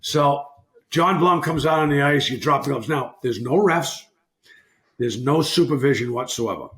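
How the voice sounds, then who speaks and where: Rambling with animation and frequent self-corrections, a man in his sixties who once played hockey shares a story on a podcast in casual storytelling style. He has a medium-pitched, slightly bright voice, and the recording has a roomy echo.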